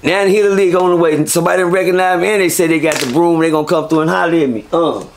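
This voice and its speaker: A man, a guest in an interview, telling stories in a casual, profane and animated way. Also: a little high, racing, background noise. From Texas. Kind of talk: casual storytelling.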